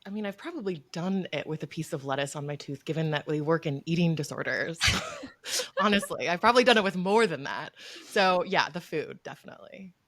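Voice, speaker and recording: A woman's voice: sits low, animated, brisk, fairly bright tone. A woman co-hosting a podcast, giving easygoing answers with frequent laughter. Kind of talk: casual podcast chat.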